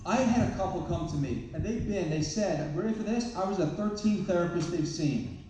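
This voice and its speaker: Therapist guy doing a funny talk, mellow voice, heard from far off in a big room. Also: high-pitched, expressive, moderate pace, a little hiss or hum. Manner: storytelling with self-deprecating jokes. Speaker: therapist and parenting speaker. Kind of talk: humorous live speech. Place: large event hall. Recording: echoey hall, distant mic.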